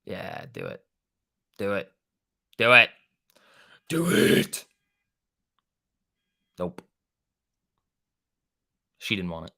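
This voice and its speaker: Bright-voiced man doing casual trading commentary. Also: deep voice, wildly swooping pitch, very slow, gravelly, pauses often. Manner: loose, profane, bro-talk banter with chat, chuckling. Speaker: stock trading livestream host. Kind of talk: casual live market commentary.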